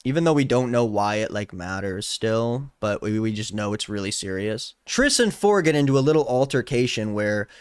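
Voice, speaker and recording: A man's voice: on the low side, lively intonation, moderate pace, few pauses, clear, resonant tone, no echo, clean studio sound. Sarcastic young man reacting to a book. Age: 20s. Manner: sarcastic, incredulous commentary. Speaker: book reviewer. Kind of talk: casual book reaction vlog.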